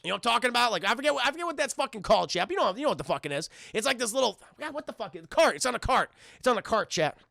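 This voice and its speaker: Rambly cussing streamer guy talking to chat, gravelly voice, bright sharp tone. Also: extremely high pitch, very animated, rapid-fire, hardly any pauses, dry recording, studio quality. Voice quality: rambling, profane, addresses chat constantly. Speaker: streamer reviewing a cartoon. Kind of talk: casual profane recap to live chat.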